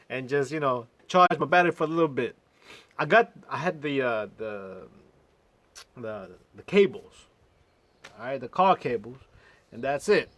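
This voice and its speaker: An American man telling a casual, animated story to his livestream viewers, often adding "man" and "right?". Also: mid-range voice, measured pace, pauses often, no room sound. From United States. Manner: animated, chatty, fond of calling everyone "man". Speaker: English teacher and livestream host.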